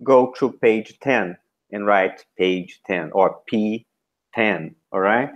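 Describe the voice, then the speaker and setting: A man giving feedback to a trainee teacher, modeling classroom instructions in short, deliberate chunks. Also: lowish voice, lo-fi sound.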